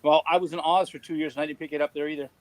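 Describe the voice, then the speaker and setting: A man's voice: fairly high pitch, little pitch movement, racing, poor audio. A man from California chatting as a guest on a video call, telling stories in an easygoing, repetitive way. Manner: storytelling, easygoing, repeats words. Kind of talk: casual chat.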